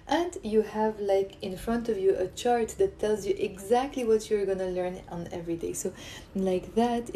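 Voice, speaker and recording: A woman runs a live language lesson into her phone. She talks in a lively, coaxing way and repeats words for learners to drill. Her pitch sits in the middle range. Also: a little hiss or hum. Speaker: Lebanese Arabic teacher.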